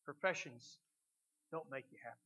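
A middle-aged man preaching a sermon as pastor, swinging between loud emphatic lines and quiet reflective ones. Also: mid-range voice, moderate pace, low-quality recording.

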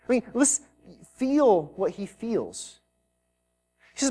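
A man's voice: very high-pitched, big pitch swings, slow, warm tone. A man preaching a live sermon as pastor to a congregation in a church, talking in a conversational way and mixing in joking asides. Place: church service before a congregation.

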